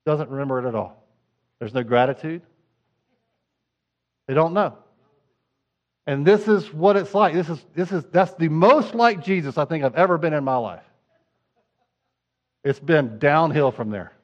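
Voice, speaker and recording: A middle-aged man preaching a sermon as pastor, talking conversationally and moving between hushed asides and fervent appeals. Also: a little high, expressive, moderate pace, pauses often, highs cut off.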